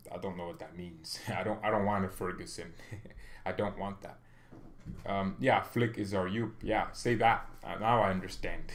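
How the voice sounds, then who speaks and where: A man hosting a fan channel, talking casually and jokingly in rambling commentary with animated bursts. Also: fairly low pitch.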